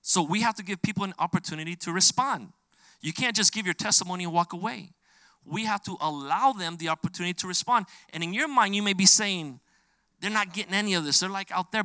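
A man's voice: sits high, bright, forceful tone, no room sound. A middle-aged man preaching a sermon, explaining scripture earnestly and growing emphatic when he quotes it.

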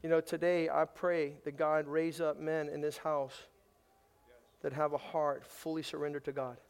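Guy pastor preaching w a high voice, emphatic, goes loud then drops quiet. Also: level tone, moderate pace, clean tone. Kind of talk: sermon.

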